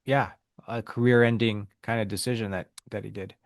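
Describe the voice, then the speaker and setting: A man's voice: lowish voice, steady tone, a little fast, no echo, clean studio sound. A man co-hosting a podcast in casual chat. He is easygoing and agreeable, filling his talk with "um" and "like.". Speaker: podcast co-host.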